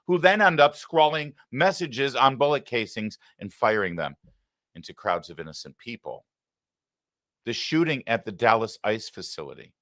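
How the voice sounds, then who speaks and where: A man with a very low voice hosts a live political talk show, sarcastic and combative and quick to get heated. His voice sits close and dry on the mic, with no room sound around it. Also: fairly bright tone, no echo.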